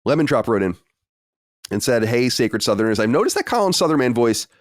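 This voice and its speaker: A man's voice: medium pitch, very animated, fairly quick, no echo, clean studio sound. A man hosting a podcast in loose, rambling, self-deprecating casual chat. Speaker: podcast host.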